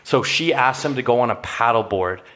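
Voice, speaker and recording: A young man co-hosting a podcast in relaxed casual chat, swearing freely and laughing often. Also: medium pitch, normal speed. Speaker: podcast co-host.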